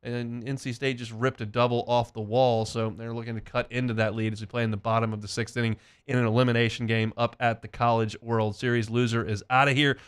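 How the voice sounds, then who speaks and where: Guy on sports radio, smooth clear voice, rattling off stats casual-like. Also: medium pitch, flat delivery, brisk, few pauses. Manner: conversational, rattling off stats and recruiting news. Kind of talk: sports talk and live-read ads.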